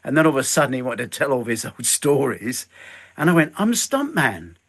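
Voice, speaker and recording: An older stuntman and filmmaker, appearing as an interview guest, tells animated stories and acts out the lines he quotes. His voice is medium in pitch and creaky, and he talks at a quick pace.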